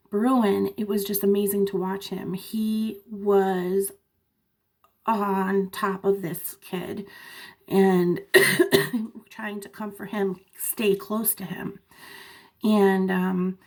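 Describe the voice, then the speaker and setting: A woman vlogger telling a story in casual chat, animated, with laughing asides and many fillers, fighting off a cough. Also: medium pitch. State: sick with a cough.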